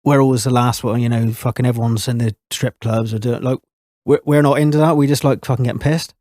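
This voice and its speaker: A man's voice: medium pitch, steady tone, fast talker, a little mellow, no room sound, clean studio sound. A man in his thirties, a chef guest on a podcast, telling anecdotes in casual chat, laughing often and swearing freely. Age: 30s.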